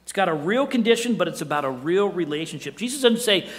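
Middle-aged male pastor with a fairly high voice, preaching conversationally with quiet drops for emphasis, in a church hall with a long echo. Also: expressive, fast, hardly any pauses. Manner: asks the listeners rhetorical questions. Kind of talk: sermon.

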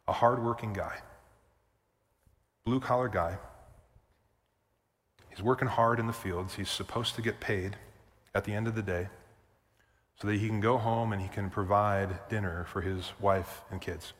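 A man's voice: lowish voice, fairly even intonation, a little slow, pauses often, fairly bright tone. A male pastor preaching a sermon, emphatic and repetitive, with casual asides to the congregation. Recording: long church reverb.

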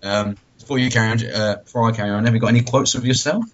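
A man's voice: medium pitch, fairly even intonation, very fast, slight background noise. A man co-hosting a podcast in casual chat, laughing often and acting out quotes as he talks. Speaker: podcast co-host. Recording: dull lo-fi sound.

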